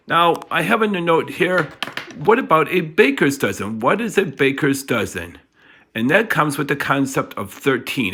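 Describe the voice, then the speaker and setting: A man's voice: mid-range voice, fairly bright tone. Chatty middle-aged man teaching. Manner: chatty, rambling, many fillers. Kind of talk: home video math lesson. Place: home.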